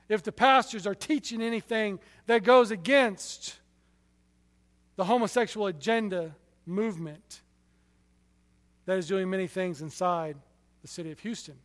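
A man preaching a sermon, telling stories with passion, his loudness rising and falling sharply. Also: high voice, a little slow, long pauses, long reverb tail.

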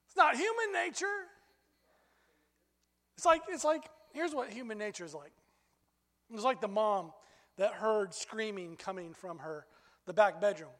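A pastor preaches a sermon, telling stories animatedly at a moderate pace, his voice climbing high whenever he gets excited. A long reverb tail trails his words.

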